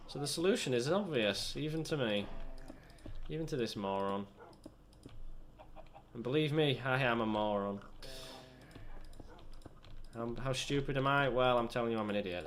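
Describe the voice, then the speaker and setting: Rambling British man with a lively voice. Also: medium pitch, normal speed, long pauses, a little hiss or hum. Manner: rambling, self-deprecating chatter. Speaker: gaming channel host. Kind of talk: let's play commentary.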